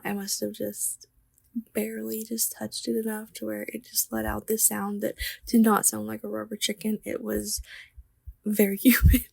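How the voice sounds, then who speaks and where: Slow, gravelly young woman telling a story. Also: a little high, darkish tone, dry recording. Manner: chatty, laughing, drops to whispers. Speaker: artist vlogger. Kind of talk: casual storytelling while sketching.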